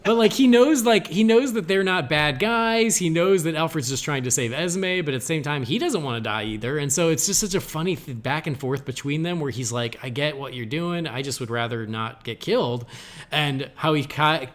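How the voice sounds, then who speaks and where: A man co-hosting a podcast in casual chat, enthusiastically recounting scenes and giving quick agreement. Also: fairly high pitch, lively intonation. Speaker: podcast co-host.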